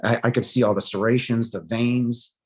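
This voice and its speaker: A man in his forties giving a personal testimony, earnest and halting, with frequent pauses and fillers, his voice softening into hushed moments. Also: mid-range voice, steady tone. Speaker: near-death experience survivor.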